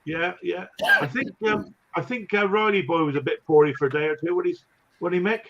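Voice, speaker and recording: A man hosts a casual livestream, chatting and laughing as he greets his viewers. His voice sits a little high. The audio is muffled and lo-fi. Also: a little fast, very noisy. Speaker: livestream host. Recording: lo-fi dull audio.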